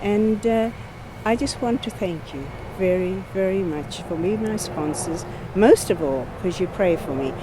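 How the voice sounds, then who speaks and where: A woman's voice: medium pitch, measured pace, background noise. An older woman from Africa, giving an earnest, heartfelt missionary update and repeating her thanks. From South Africa. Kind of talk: personal ministry update.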